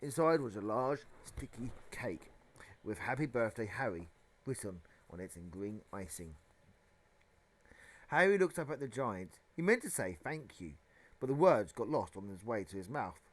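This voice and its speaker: A man reading a children's novel aloud as narration, with a dramatic, expressive delivery. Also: lowish voice, moderate pace. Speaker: audiobook reader. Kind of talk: storybook narration.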